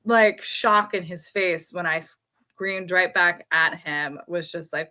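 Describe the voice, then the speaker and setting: A woman in her thirties co-hosting a podcast, telling a story in casual chat in an animated way, laughing as she goes. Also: fairly low pitch, measured pace. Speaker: podcast co-host.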